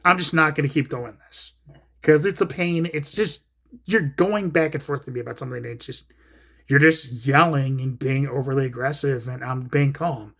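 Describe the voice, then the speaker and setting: A man's voice: mid-range voice, steady tone, moderate pace, a bit bright. A man hosting his own commentary video, retelling an online argument in a blunt, profane, casual rant full of quoted back-and-forth. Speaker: solo commentary host.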